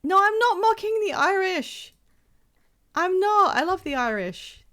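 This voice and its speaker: A woman's voice: very high-pitched, sing-song, measured pace, fairly bright tone. A woman streaming a video game, chatting casually in a rambling, self-deprecating way that trails off mid-thought. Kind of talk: casual live gameplay commentary.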